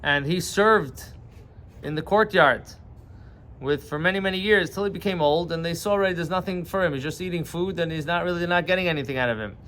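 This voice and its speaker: A man with a fairly high voice gives a short morning sermon as a rabbi. He explains patiently and retells a parable in plain words, walking his listeners through each step of the story. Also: a bit bright.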